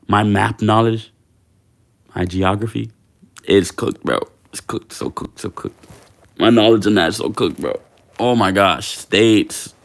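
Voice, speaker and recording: A man's voice: fairly low pitch, vocal fry, a bit bright. A young man hosting a fitness livestream, chatting casually with viewers in a slangy, laid-back way.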